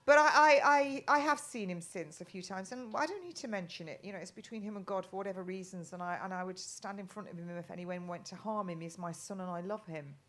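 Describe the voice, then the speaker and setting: A woman's voice: mid-range voice, fast talker, hardly any pauses, fairly bright tone. A middle-aged woman from England talking as a guest in a casual live chat, rambling with many restarts and ums.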